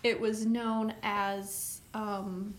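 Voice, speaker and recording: A woman's voice: mid-range voice, flat delivery, very slow, background noise. A woman co-hosting a casual Bible study chat, teasing the host in a dry way.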